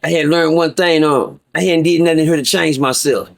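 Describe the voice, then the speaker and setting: A man's voice: on the high side, steady tone, normal speed, gravelly. A middle-aged man telling a story to viewers in a casual, profane way, stammering and repeating himself as he goes. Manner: profane, repetitive, stammering restarts. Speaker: guest storyteller.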